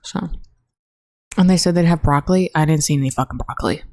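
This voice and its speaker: Low, rambling college woman on a podcast. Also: fast, a little mellow, no room sound. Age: young adult. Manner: rambling, swearing, with frequent fillers. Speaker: podcast host. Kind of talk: casual solo chat. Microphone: own podcast mic, close.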